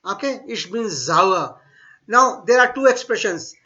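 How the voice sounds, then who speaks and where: Teaching German online, this high-voiced, bright-sounding man is expressive as he slowly repeats model phrases more than once. His explanations blend English with bits of Hindi, and the audio is flat and lo-fi, like a distance lesson.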